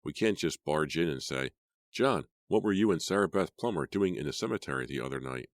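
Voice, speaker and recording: An earnest, easily frightened teenage girl voiced by a man, pitched up from his very low natural voice. She sounds hesitant and worried, a character in a spoken storybook. The recording is close and dry. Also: expressive, fairly quick, dry recording.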